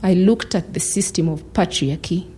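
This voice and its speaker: Low-voiced woman telling her story. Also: dark tone, slightly rough, rough recording. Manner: measured, reflective storytelling with pauses. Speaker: human rights lawyer giving a talk. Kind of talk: personal storytelling talk.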